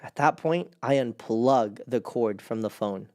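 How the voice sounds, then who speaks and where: A young man hosting a casual chat, telling a personal story in a rambling way, with lots of "like" and sudden jumps up in pitch as he relives his panic. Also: a little slow, a little mellow. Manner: rambling with many restarts and "like". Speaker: host.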